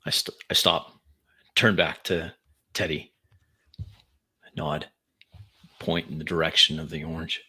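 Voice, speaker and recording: Man, tabletop player, very deep, bright and husky voice, terse. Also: little pitch movement, a little slow, pauses often. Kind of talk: casual tabletop play.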